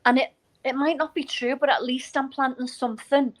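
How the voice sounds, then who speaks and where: A woman's voice: sits high, fairly quick, poor audio. A middle-aged woman, telling stories in a casual chat as a guest and acting out the people she quotes. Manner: animated, acts out quoted voices. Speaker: guest, novelist and poetry teacher.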